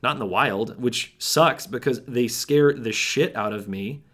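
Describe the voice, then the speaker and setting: A man's voice: mid-range voice, measured pace, a bit bright. A man playing a jittery, paranoid young man, rambling with wry asides to the listener in a monologue. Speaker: first-person narrator. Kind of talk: monologue storytelling.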